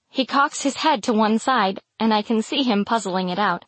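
A woman's voice: on the high side, moderate pace, hardly any pauses, a bit bright, no echo. Woman narrating a first-person romantic fantasy. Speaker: audiobook narrator.

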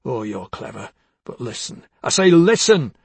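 A man reading the part of a bitter, jealous older husband, accusing and husky, dropping to hushed tones and rising to harsh outbursts. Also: a little high, lively intonation, normal speed, no echo. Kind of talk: dramatic audiobook reading.

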